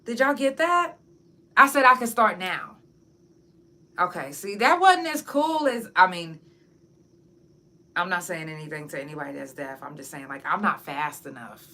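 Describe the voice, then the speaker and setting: A woman's voice: fairly low pitch, lively intonation, moderate pace, pauses often, bright, forceful tone. A woman podcast host and singer, chatting frankly and casually with her audience, swearing freely. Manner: talks straight to her audience. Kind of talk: casual chat to camera.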